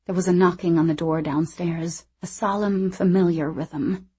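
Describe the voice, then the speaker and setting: A woman narrating a novel in the first person in a measured, reflective way. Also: lowish voice, fairly even intonation, a little mellow, breathy edge. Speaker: audiobook narrator.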